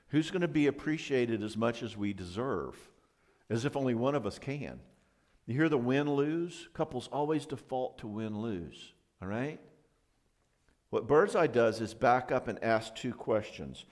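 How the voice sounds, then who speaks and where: Animated man teaching on marriage. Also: medium pitch, normal speed. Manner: animated storyteller, acts out both sides of quarrels. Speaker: marriage seminar speaker. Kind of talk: church marriage seminar talk.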